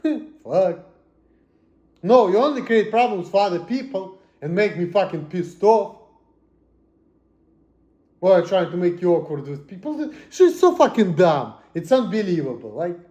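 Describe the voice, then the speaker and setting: A man's voice: sits high, dull audio. Profane ranting man in an echoey room. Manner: profane, agitated, swings between mutters and shouts. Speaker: vlogger. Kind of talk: angry personal rant.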